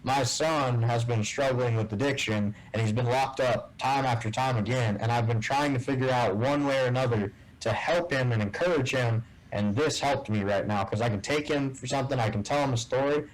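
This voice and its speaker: Animated man telling a story. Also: medium pitch, normal speed, few pauses, low-quality recording. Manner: animated storyteller who acts out quoted dialogue. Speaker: guest, tournament bass angler. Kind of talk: casual storytelling in an interview.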